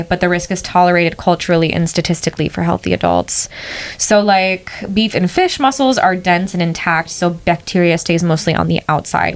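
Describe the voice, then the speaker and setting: A young woman co-hosting a podcast in casual chat, rambling and full of fillers as she explains things. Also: lowish voice. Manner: chatty, rambling, filler-heavy. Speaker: podcast co-host.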